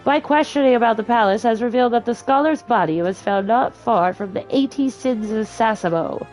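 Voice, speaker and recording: Girl doing a pompous fancy gentleman detective, big flowery lines, lowered voice. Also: fairly quick, faint music behind, lightly acted, poor audio. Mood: grandiose. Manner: grandiose, flowery, self-important. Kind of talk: reading game dialogue aloud.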